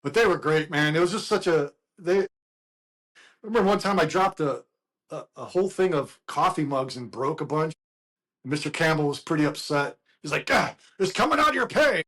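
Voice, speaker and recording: A man's voice: fairly high pitch, moderate pace, fairly bright tone. A middle-aged man telling rambling stories as a guest in a casual chat, laughing and breaking into quoted voices.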